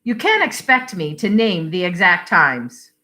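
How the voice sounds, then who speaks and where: A woman giving voice to a bewildered middle-aged wife, full of short, doubtful questions. The tone is bright and the pitch moves lively, delivered at an unhurried pace. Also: heavily acted. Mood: puzzled.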